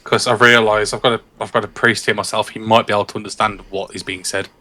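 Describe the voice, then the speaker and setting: A man's voice: fairly low pitch, little pitch movement, fast, bright, forceful tone. A man taking part as a player in a tabletop horror game, asking brief, matter-of-fact questions. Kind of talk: casual game chat.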